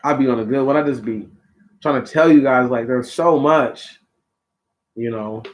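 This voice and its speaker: A man with a mid-range voice speaks at a normal speed as he hosts a talk show. He delivers a preachy, conversational monologue directly to his listeners, tossing in slang asides.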